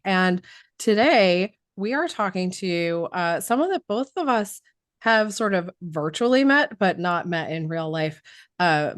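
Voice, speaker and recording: A woman's voice: on the low side, dry recording, clean studio sound. A woman hosting a podcast in casual chat, congested from a cold, talking in a chatty way with fillers. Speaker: podcast host.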